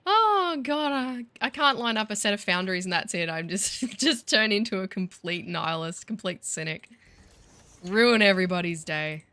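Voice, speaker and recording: Woman gaming host, wry self-mocking commentary, bright lowish voice, dry close sound. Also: lively intonation, normal speed, dry recording. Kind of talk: casual gameplay commentary.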